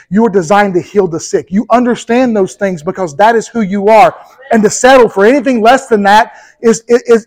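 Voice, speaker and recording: A man with a high voice delivers a sermon to a congregation. His preaching is emphatic and builds energy, and he keeps addressing the listeners directly, asking if they are following along. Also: a little mellow, rough recording. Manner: addresses the congregation directly, with repeated "okay?" and "right?". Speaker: pastor.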